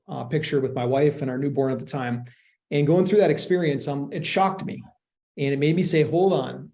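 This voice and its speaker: A man's voice: mid-range voice, darkish tone. A man who is a real estate investment sponsor, answering interview questions earnestly, explaining at length with frequent restarts.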